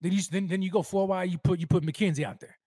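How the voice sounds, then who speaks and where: A man's voice: high voice, steady tone, quick pace, warm tone, dry recording, clean studio sound. A man hosting a live sports fan show, hyped and rambling, with slangy street talk and lots of repeats.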